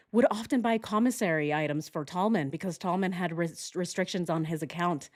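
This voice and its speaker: A woman hosts a true-crime commentary vlog at a medium pitch. She talks casually and sarcastically, and laughter often breaks into her talk. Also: a little mellow. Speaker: channel host.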